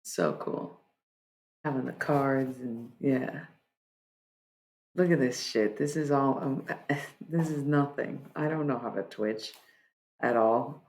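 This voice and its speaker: Slow, gravelly-voiced woman streamer. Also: rumbling low, darkish tone. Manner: rambling and laid-back, many fillers and restarts. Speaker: livestreamer. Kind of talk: casual chat with viewers.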